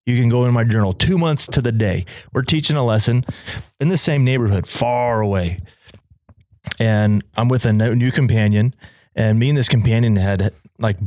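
A young man telling a story in a casual chat, animated and laughing often as he acts out quoted lines. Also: lowish voice, normal speed, dry recording, studio quality. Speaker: podcast guest telling a story.

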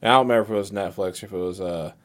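A young man in casual podcast chat, telling animated, profane stories about TV endings. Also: deep voice, rapid-fire. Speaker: podcast co-host.

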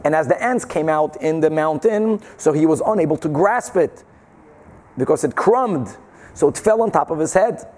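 A man teaching a Talmud class, explaining the Gemara with animated rhetorical questions and Hebrew and Yiddish terms. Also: a little high, moderate pace. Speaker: Torah teacher.

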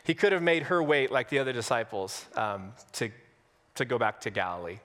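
A male pastor preaching an Easter sermon in a conversational, humorous way, with dramatic pauses. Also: medium pitch, lively intonation, a bit bright, in a large hall. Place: church sanctuary on Easter Sunday.

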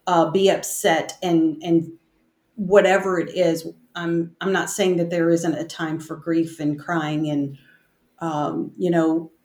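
Woman, lowish voice, slow and halting, reading and reflecting on scripture, roomy echo. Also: flat delivery, a little mellow. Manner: slow, halting, reads scripture aloud with many restarts. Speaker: bible study co-host. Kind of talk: casual bible study discussion.

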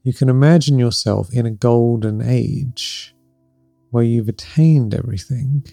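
Gravelly, mellow-voiced man teaching spirituality. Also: mid-range voice, measured pace, no echo, studio quality, soft background music. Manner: gentle, reflective, warmly encouraging, laughs softly between points, often adds "right?". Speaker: podcast host and spiritual life coach.

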